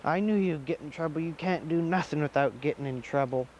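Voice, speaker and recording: A man's voice: on the high side, a little fast, a little mellow, muffled recording, a little hiss or hum, pitched above the performer's own voice, lightly acted. A man voicing a stern old grandmother who scolds in a matter-of-fact way. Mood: scolding.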